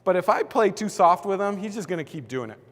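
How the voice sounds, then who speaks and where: A man with a fairly high voice gives a relaxed, chatty teaching talk to a church team, peppering his points with "like" and "kinda." His voice rings with a long reverb, as if recorded in a big hall. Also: fast talker. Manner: conversational, lots of "like" and "kinda".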